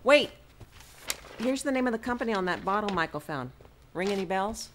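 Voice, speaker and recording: A woman's voice: mid-range voice, lively intonation, fairly quick, a bit bright, a little hiss or hum, lightly acted. A woman voicing an eager, inquisitive researcher who keeps pressing for answers.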